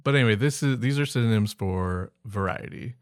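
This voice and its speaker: Podcast co-host, male, lowish pitch, hesitant idea-pitching. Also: brisk, clean tone, dry recording, studio quality. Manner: tentative, pitching ideas with hedging fillers. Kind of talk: casual chat.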